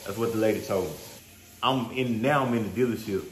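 A man's voice: on the low side, fairly quick, reverberant, slight background noise. A man hosting a vlog, telling a story casually and animatedly in slangy speech. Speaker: vlog host.

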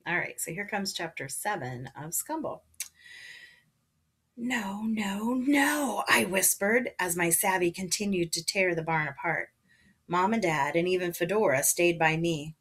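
A woman's voice: lowish voice, normal speed. A woman reading a children's novel aloud to her listeners, narrating with expression and voicing the characters. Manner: casual chat before reading, then expressive narration with voiced characters.

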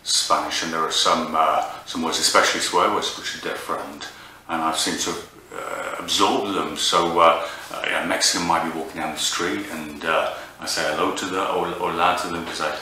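Hesitant man from England, low and sharp-toned, rambling comic monologue, recorded from afar in a very echoey room. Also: steady tone, normal speed, hardly any pauses. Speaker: comedian. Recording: echoey room, distant mic, faint noise.

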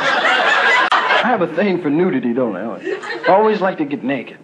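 Profane stand-up comic, lively pitch. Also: male voice, a little fast. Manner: loose, profane, conversational. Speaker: stand-up comedian. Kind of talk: stand-up routine. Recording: loud noisy live stage recording.

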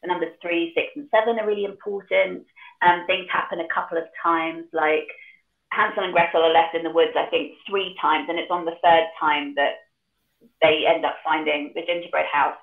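Gravelly-voiced woman on an echoey call. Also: low-pitched, moderate pace. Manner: chatty, animated. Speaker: author and guest. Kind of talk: casual chat and reading aloud. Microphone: video call. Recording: echoey, tinny call audio.

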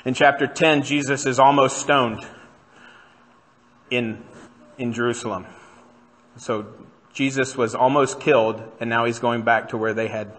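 A man's voice: mid-range voice, fairly even intonation, a little slow, long pauses, fairly bright tone, big-room sound. A man preaching a sermon as pastor, talking in a conversational way and putting questions to the congregation. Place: church sanctuary.

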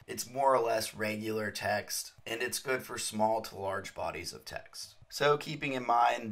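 A young man narrating a screen-recorded coding tutorial, explaining code step by step in a steady manner. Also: lowish voice.

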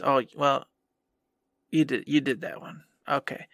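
A man's voice: mid-range voice, fairly even intonation, normal speed, sharp tone, no echo, clean studio sound. A man co-hosting a gaming podcast, scolding his past self in a mock-angry casual rant. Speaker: podcast co-host.

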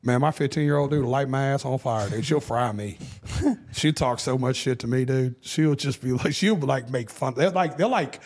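A man's voice: mid-range voice, moderate pace, darkish tone. Podcast guest: middle-aged man, open and profane storyteller. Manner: candid storytelling, swears freely. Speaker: guest musician. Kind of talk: casual podcast chat.

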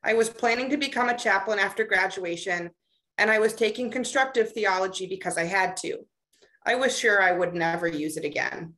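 Young adult chaplain, bright voice, measured and sincere in a prepared speech. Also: medium pitch. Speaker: chaplain resident.

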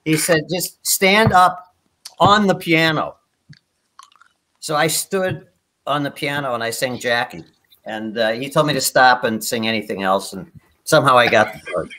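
An older man speaks at a medium pitch and normal speed with a sharp tone. He is a guest performer on a video call, telling anecdotes in a rambling way, restarting often and laughing at his own stories.

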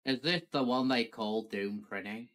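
A man's voice: medium pitch, a little slow, fairly bright tone, lightly acted. A man putting on a theatrical, mock-menacing voice as a vengeful figure who blames the listener for a death. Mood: mock menace.

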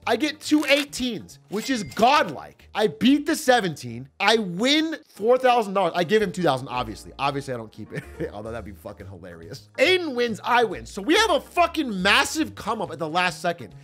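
A young man streaming, telling a casual story to his chat in a profane, animated way with frequent laughter. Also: high-pitched, normal speed, few pauses, soft background music.

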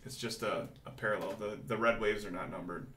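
A man hosting a live card-breaking stream, calling out each pull with hyped excitement. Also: on the low side, brisk. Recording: roomy echo from mic distance, faint noise.

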